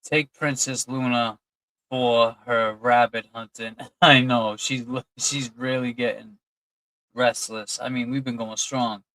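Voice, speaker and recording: A man's voice: medium pitch, fairly even intonation, takes it slowly, bright, forceful tone, dry recording, rough recording. A man hosting a casual livestream, reading out and thanking chat donors in a loose, chatty way. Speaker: livestream host.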